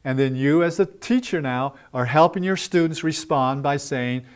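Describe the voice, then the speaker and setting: A man giving a teacher-training lesson, speaking in a loose, conversational way with "uh" fillers and modeling drill phrases slowly and deliberately. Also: fairly high pitch, clear, resonant tone. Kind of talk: instructional talk to teachers.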